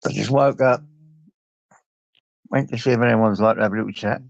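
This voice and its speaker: Gravelly older English man on a late-night stream. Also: on the low side, fairly even intonation, a little fast, dry recording. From England. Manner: rambling, greets viewers by name, swears freely. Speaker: livestream host. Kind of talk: late-night livestream chat. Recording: dull lo-fi stream audio.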